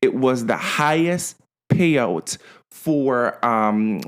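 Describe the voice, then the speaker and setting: A man co-hosts a casual podcast and tells a story at a medium pitch. He stumbles and restarts often and leans on fillers as he goes. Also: lively intonation, drawn-out words, clean tone. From Canada. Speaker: podcast co-host.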